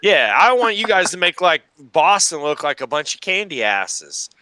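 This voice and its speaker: Crisp, bright-voiced joking interview host. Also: male voice, on the high side, sing-song, moderate pace, dry recording. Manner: joking, teasing, wry. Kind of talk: casual interview chat.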